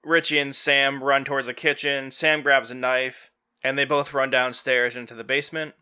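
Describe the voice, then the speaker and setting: A man talks through a movie plot in a loose, chatty way as a podcast host, filling his sentences with "you know" and "like". His voice is bright and forward. It is smooth and clear, and he acts out characters' lines without changing voice. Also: medium pitch, level tone, normal speed. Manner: retells scenes quoting characters in a loose, offhand voice; heavy use of fillers like "you know" and "like". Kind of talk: casual movie recap.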